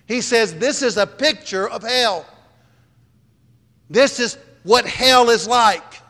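A man delivers a sermon with a high-pitched voice, pressing each point and circling back on his phrases. His words ring out with the long reverb of a large hall. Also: slow pace, sharp tone. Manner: emphatic, repeats phrases. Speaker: preacher.

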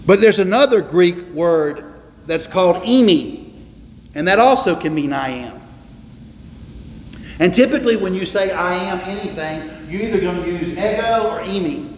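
A man preaching from the pulpit, his voice pitched high and carrying emphatic, repeated phrases. The sound rings with long reverb in a roomy church hall. Faint ambience stays in the background. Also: a little hiss or hum. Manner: emphatic preaching, repeats words, slows for stress. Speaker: pastor. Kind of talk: sermon.

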